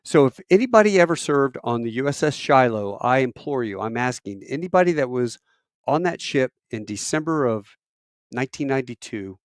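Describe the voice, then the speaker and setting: A middle-aged man, a military veteran, telling a long personal story in a casual, animated way, with self-deprecating asides and rambling fillers. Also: a little fast, no room sound, clean studio sound. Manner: animated, acts out quoted voices with big pitch jumps.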